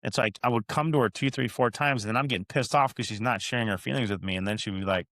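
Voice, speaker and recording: A man's voice: on the low side, quick pace, few pauses, fairly bright tone, dry recording. A man hosting a podcast, chatting casually about his marriage and retelling his own lines in quotes. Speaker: podcast host. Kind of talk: casual chat.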